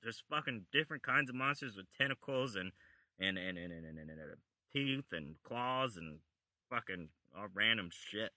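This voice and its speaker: A man's voice: lowish voice, expressive, moderate pace, bright, forceful tone, no echo. A man chatting about a comic book with a friend, joking, swearing and trying out silly voices. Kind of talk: casual comic book chat.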